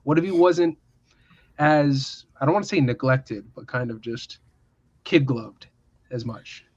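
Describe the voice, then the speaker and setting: A man's voice: medium pitch, measured pace, darkish tone, no room sound. Guy cohost on a podcast, dry jokes, a bit muffled, dead dry sound. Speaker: podcast co-host. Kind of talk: casual chat.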